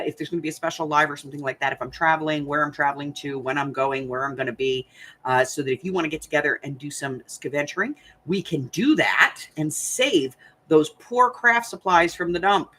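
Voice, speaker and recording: A woman's voice: deep voice, fast, a bit bright. An older woman from the United States hosting a crafting channel, chatting casually and rambling to her viewers while she thinks aloud.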